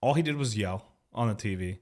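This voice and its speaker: A man's voice: on the low side, expressive, brisk, darkish tone. A young man hosting a casual podcast chat, laid-back and swearing freely as he tells a story.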